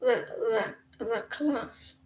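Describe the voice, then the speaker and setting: On a casual livestream, a woman gives tarot readings in a slightly high voice, drawing out her words. The recording is reverberant and low quality, and she rambles chattily, often cutting herself off mid-sentence.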